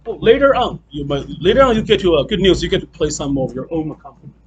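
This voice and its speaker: A man's voice: a little high, big pitch swings, fast, darkish tone, slight background noise, poor audio. A man teaching a group piano class, counting in and chanting the beats aloud between loose, restarting explanations.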